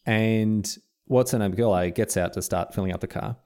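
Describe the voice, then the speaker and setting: An Australian man co-hosting a podcast rambles through a story in casual talk, breaking into his own sentences and acting out the lines. His lowish voice is warm, clear and resonant, at a moderate pace.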